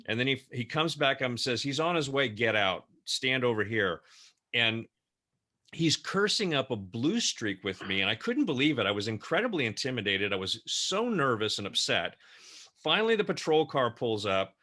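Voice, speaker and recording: Man, bright tone, mid pitch, lively anecdote, acts out quoted lines. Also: moderate pace. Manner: lively storyteller who acts out quoted dialogue. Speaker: co-host. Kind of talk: telling a personal anecdote in an interview.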